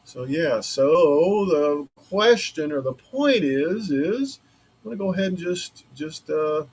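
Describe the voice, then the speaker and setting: Husky man rambling through a shop stream. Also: a little high, animated, slow, a little mellow. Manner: rambling, thinking aloud while working. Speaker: maker streaming a laser-cut build. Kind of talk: casual livestream chat. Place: home woodworking shop.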